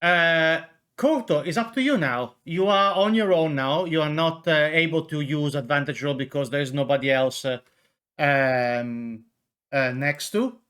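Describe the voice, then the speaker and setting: Male dungeon master, bright and forceful tone, halting delivery full of fillers. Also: on the high side, clean tone. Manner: hesitant, full of fillers, rules-focused. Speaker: game master. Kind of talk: running a tabletop game.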